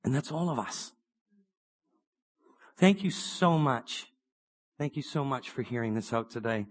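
A man preaching a sermon, swinging between excited bursts and quiet, earnest asides, with many rhetorical questions. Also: medium pitch, a little slow.

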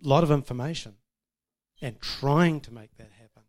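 His voice is on the high side and darkish in tone, at normal speed, as the man offers an informal testimony about marriage to a church audience. He keeps it chatty, pokes fun at himself and laughs a lot.

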